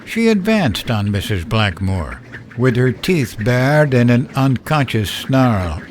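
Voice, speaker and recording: A man narrating a horror story in a slow, measured storytelling style. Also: medium pitch, very animated, a little hiss or hum.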